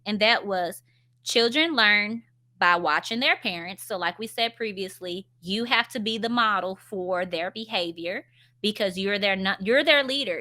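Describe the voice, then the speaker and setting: A woman's voice: mid-range voice, bright, forceful tone. A woman in her thirties hosting a parenting talk, speaking in an earnest, conversational way with many "you know"s and "um"s. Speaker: parenting channel host. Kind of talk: casual advice monologue.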